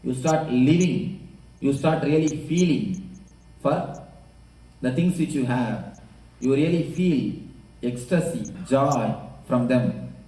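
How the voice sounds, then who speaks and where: A man giving a sermon as a spiritual teacher, speaking emphatically with measured repetition and telling stories. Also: medium pitch, lively intonation, mellow. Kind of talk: sermon with storytelling. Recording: echoey room, mic at a distance.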